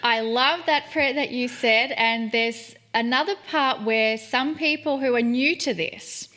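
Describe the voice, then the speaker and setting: A woman's voice: a little high, a little slow. A woman hosting an interview, encouraging and full of praise for her guest. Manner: warm and encouraging, gushing praise. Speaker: host. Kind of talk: interview talk.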